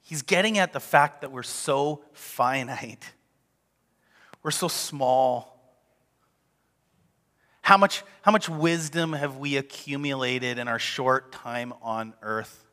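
A male pastor preaching a sermon in an animated, conversational way. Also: mid-range voice, takes it slowly, pauses often, in a large hall. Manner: animated, conversational, acts out quotes.

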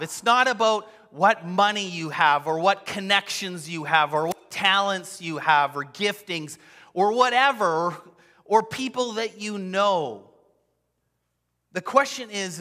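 Bright fairly high guy preaching, acts out the quotes, big hall echo. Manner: expressive storytelling, acting out quotes. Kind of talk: sermon. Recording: long hall reverb.

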